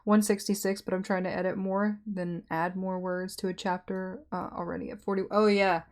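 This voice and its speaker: Soft-spoken woman chatting with her stream. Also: medium pitch, flat delivery, moderate pace. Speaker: streamer hosting writing sprints. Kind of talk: casual chat with stream viewers.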